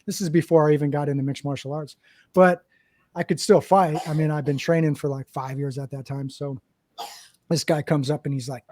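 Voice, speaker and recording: A man's voice: on the high side, moderate pace, dry recording. Profane storytelling man, dry close sound. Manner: animated, profane, acts out quotes. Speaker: podcast host, Marine veteran. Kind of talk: casual storytelling.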